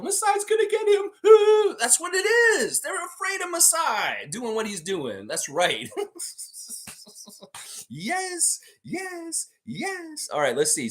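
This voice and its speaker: A man's voice: high-pitched, fairly bright tone. A Canadian man hosting a live sports stream, ranting heatedly and mocking the people he criticizes in put-on voices. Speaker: sports channel host.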